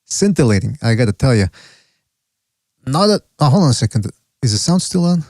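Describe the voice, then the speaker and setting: A man hosts a live podcast in loose, rambling chat. He keeps stopping himself mid-thought and swears casually. His voice sits at a middling pitch and is recorded dry, with no room sound. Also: sing-song, brisk, a little mellow, dry recording. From Canada. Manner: rambling, self-interrupting, profane. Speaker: podcast host.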